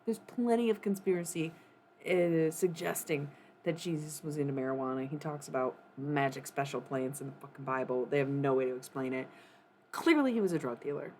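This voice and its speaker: A woman's voice: low voice, a little fast, darkish tone, slight background noise. A woman streaming live, ranting in a casual, profane, worked-up way and often laughing.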